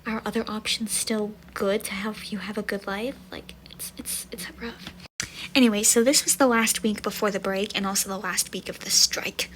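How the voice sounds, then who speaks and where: A woman's voice: mid-range voice, fairly even intonation, normal speed, fairly bright tone, slight background noise, poor audio. A young woman and university student telling a casual storytime vlog, rambling with many fillers and often dropping to a near whisper. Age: young adult. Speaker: vlogger.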